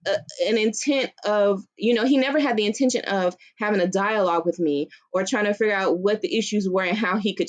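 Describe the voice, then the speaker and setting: A woman telling her story to viewers, explaining in a reflective, conversational way. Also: medium pitch. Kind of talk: storytime commentary on a recording.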